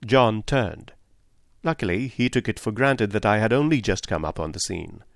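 A man narrating a novel in the first person in a steady, unhurried reading voice. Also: fairly low pitch, creaky, no room sound, studio quality. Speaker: audiobook narrator.

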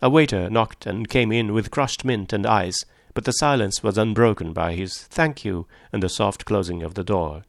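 A man narrating a classic novel in a measured, low-key reading. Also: no echo, studio quality. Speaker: audiobook narrator. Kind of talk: literary audiobook narration.

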